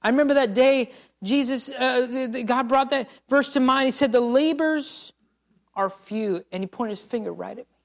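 A man preaching a sermon as a missionary, swinging between loud pleading cries and quiet, low passages. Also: fairly quick, creaky. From United States. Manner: impassioned, rising to pleading cries and dropping to quiet.

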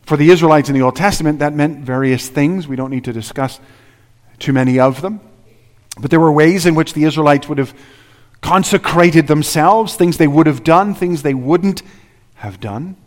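A man's voice: on the high side, normal speed. A man preaching a sermon as pastor, earnest and driving his points home with repeated rhetorical questions. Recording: reverberant hall.

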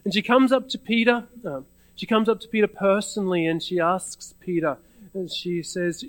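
High-voiced male preacher, dry sound. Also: fairly even intonation, moderate pace, no echo, rough recording. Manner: conversational storytelling with frequent restarts. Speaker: pastor. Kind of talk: sermon.

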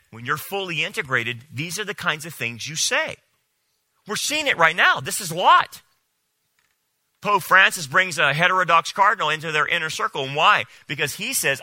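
A man preaching a sermon as a pastor, animated and incredulous, often mocking what others say. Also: high-pitched, dry recording.

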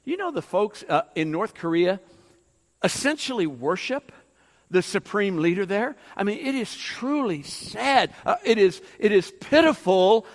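A man's voice: high voice, expressive, a little slow. A man preaching a sermon as pastor, emphatic and rising and falling, with frequent fillers. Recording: long hall reverb.

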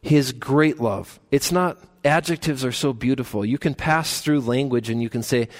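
Earnest man preaching a sermon. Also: medium pitch. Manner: earnest, rises to emphatic peaks and slows for key phrases. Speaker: pastor. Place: church.

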